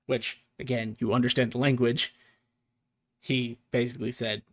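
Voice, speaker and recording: A man in the game-master seat, narrating a fantasy scene at a mid pitch for a man. He thinks aloud as he goes, with plenty of ums and restarts and an amused edge. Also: little pitch movement, moderate pace.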